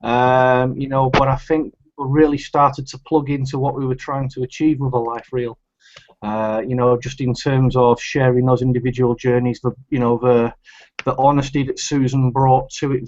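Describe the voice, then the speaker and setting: A man from the United Kingdom co-hosting an interview show, measured and reflective, with some fillers. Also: medium pitch, darkish tone, no room sound. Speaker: co-host. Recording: dull lo-fi audio.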